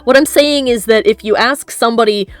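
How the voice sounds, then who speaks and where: A woman hosting a casual chat on her stream, talking quickly with frequent laughs and asides. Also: fairly high pitch, a bit bright, faint music behind. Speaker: streamer host.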